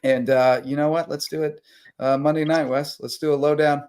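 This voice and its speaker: A man hosting a late-night live sports talk show, chatting casually and rambling through sponsor shout-outs while tired. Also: fairly high pitch, flat delivery, normal speed, smooth. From South Carolina Lowcountry.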